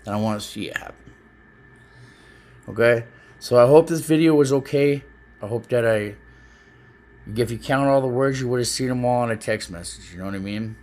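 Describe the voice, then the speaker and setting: Halting, earnest man in a video message. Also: mid-range voice, a little mellow. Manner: halting, earnest, repeats words often. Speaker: parent speaking to his child. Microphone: self-recorded video, facing the camera.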